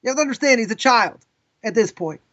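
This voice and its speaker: Chatty rabbi telling a story in class. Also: male voice, very high voice, fast talker, muffled recording. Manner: casual, animated, with frequent asides. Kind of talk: live lesson with storytelling.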